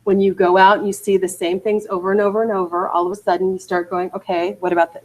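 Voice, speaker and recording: A woman leading a real estate training class, emphatic and energetic, often checking in with "okay" and "you guys". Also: fairly low pitch, fast, hardly any pauses, a little hiss or hum, poor audio. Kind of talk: training lecture to agents. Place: training room.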